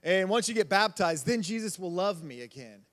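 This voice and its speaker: A man's voice: high-pitched, expressive, moderate pace, fairly bright tone. A youth pastor in his thirties, giving a casual, conversational sermon and acting out quotes in voices. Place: church hall. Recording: long hall reverb.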